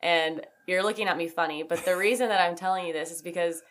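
Young woman podcaster, kinda low voice, rambly and chatty, says like a lot. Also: fast, a bit bright. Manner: chatty, frequent "like" fillers, laughs easily. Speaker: podcast host. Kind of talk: casual chat.

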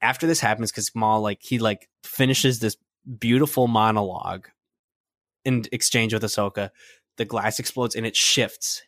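A young man co-hosting a podcast, retelling a scene in an excited, rambling way full of fillers. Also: on the low side, moderate pace, no room sound, studio quality. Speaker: podcast co-host. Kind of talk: casual fan chat.

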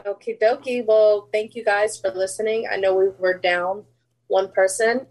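A woman's voice: medium pitch, fairly even intonation, normal speed, a little mellow, low-quality recording. A woman co-hosting a casual sports chat, upbeat, leading the wrap-up and swearing casually. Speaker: podcast co-host.

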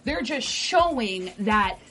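A woman co-hosting a fan talk show, explaining quickly through examples in casual panel chat. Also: a little high, expressive, fairly bright tone, faint music behind.

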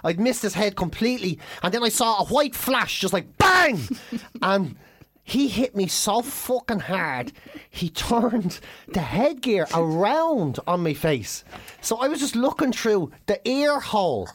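An Irish man spins a wild story in loose podcast banter, with lots of swearing and laughter. He talks in an animated way and acts out his own shouts. The sound is dry and close. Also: high voice, unhurried, no room sound. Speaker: comedian and podcast co-host. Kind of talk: casual storytelling chat.

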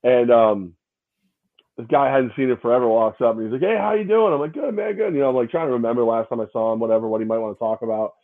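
With a mid-range voice that barely moves in pitch, he talks quickly through hungover, meandering stories on a casual sports podcast, repeating things and doing impressions of people. He's in a separate location from his co-host, heard over a tinny phone-like connection.

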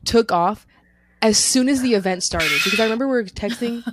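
A young woman co-hosting a podcast, telling an excited, slangy story in casual chat. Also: fairly high pitch, fairly quick, noisy background. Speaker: podcast co-host.

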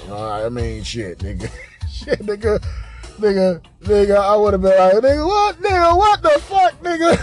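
A man hosting a podcast, telling a crude comic story in a rambling, animated way, repeating filler questions. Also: medium pitch. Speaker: podcast host.

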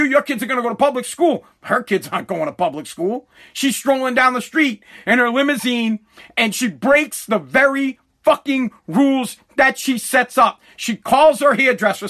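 A man's voice: extremely high pitch, animated, normal speed, a bit bright. A man ranting about politics, heated and profane, talking to his viewers. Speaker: commentator.

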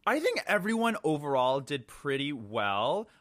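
A man's voice: on the high side, very animated, measured pace, a bit bright. A man who is a drag queen, a guest in a casual chat, dishing critiques with playful camp flair.

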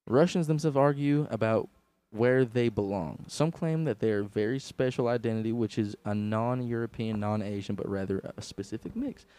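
A man's voice: fairly low pitch, moderate pace, hardly any pauses, warm tone, dry recording. A man co-hosting a podcast, rambling through crude comedic banter and laughing easily. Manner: rambling, laughs easily, asks eager questions. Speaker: podcast co-host.

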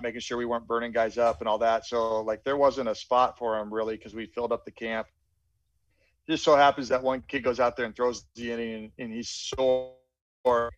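Middle-aged man, veteran coach, lively anecdotes, mid pitch, dry close sound, slightly muffled. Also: dry recording. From Pacific Northwest. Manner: animated anecdotes, acts out quoted dialogue. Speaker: guest, veteran college baseball coach. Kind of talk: storytelling interview answer. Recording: dry, dull lo-fi podcast audio.

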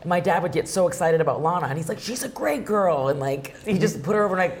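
A woman's voice: low voice, very fast. A woman wrestler as an interview guest, telling personal stories in a chatty, emotional way with lots of fillers. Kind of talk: casual interview storytelling.

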